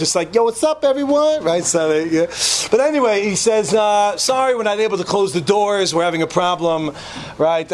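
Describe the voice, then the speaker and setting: A man's voice: fairly high pitch, slight background noise. A man telling a humorous story to a live audience, joking and throwing asides to the listeners.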